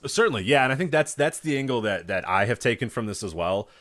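A man hosting a podcast in casual chat, rambling and animated, with lots of restarts and filler words, casually swearing and acting out quoted voices. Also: medium pitch, fast. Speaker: podcast host.

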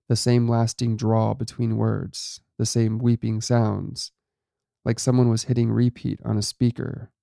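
A man narrating a first-person horror story in a steady, low-key way. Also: vocal fry, dry recording, studio quality.

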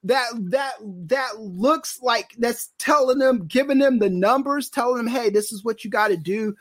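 A man co-hosting a casual wrestling podcast, talking in an animated, opinionated and teasing way. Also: extremely high pitch, moderate pace, dry recording, studio quality. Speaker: podcast co-host.

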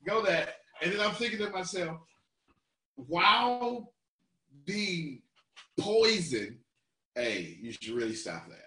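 A man's voice: sits high, big pitch swings, slow pace, pauses often, bright, forceful tone, echoey room, distant mic. A man coaching a group, talking playfully and teasing, laughing often. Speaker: business coach.

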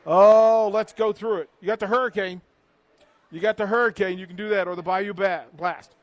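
A man's voice: sits high, steady tone, normal speed, no echo. A middle-aged man, hosting a live radio remote from a restaurant patio, punchy and hype-building as he reads the sponsor's menu. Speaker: radio host on remote broadcast.

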